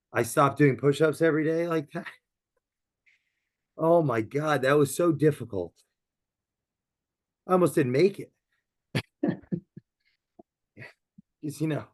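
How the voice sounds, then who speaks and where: A man hosting a podcast, relaxed and jokey, asking his guest questions in casual chat. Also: a little high. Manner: relaxed, jokey, laughs easily. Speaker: podcast host.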